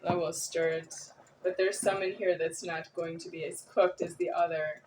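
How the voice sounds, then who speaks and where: A woman's voice: on the low side, fairly even intonation, moderate pace, distant mic, a little hiss or hum, low-quality recording. A woman vlogger talking to the camera in a rambling, repetitive, agitated monologue.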